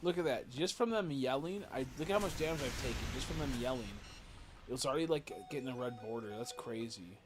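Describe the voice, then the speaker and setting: A man's voice: mid-range voice, fast, noisy background. A young man streaming a game, tired and swearing as he chats to viewers. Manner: tired, swearing, talks to chat. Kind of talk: casual gaming commentary. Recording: game music behind.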